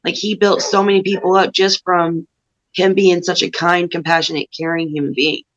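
A woman pro wrestler appears as a guest on a podcast, talking earnestly and thoughtfully in a casual way. Her audio is muffled and lo-fi, with the highs cut off. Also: flat delivery, moderate pace. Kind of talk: casual interview talk.

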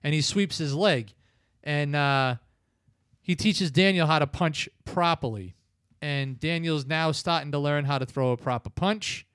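A man's voice: a little high, measured pace, fairly bright tone, clean tone, no echo, clean studio sound. A man casually recapping a film plot in a long, rambling retelling full of filler words. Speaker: film review podcast host.

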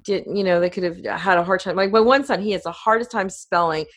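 A middle-aged woman who hosts a podcast is a guest here in a casual interview chat. Her mid-range voice moves at a quick pace as she rambles talkatively and laughs frequently.

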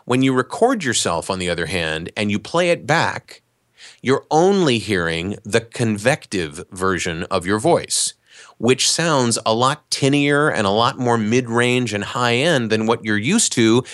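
A man, an actor and voice talent, explaining in a relaxed, conversational way during a podcast interview. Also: medium pitch, unhurried, no room sound, studio quality. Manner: relaxed, explanatory, animated asides.

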